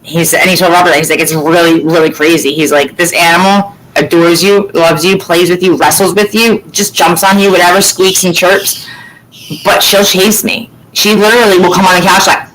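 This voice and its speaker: A woman from Florida in casual chat as host, telling lively stories and swearing freely. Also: lowish voice, fairly quick, a little hiss or hum, poor audio. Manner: animated storytelling, swears freely.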